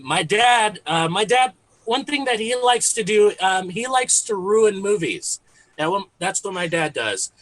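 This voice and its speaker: A man in his thirties from Texas performs a chatty stand-up set, using fillers and chuckling at his own material. His voice sits high and sounds a bit bright, captured in a rough recording with no echo.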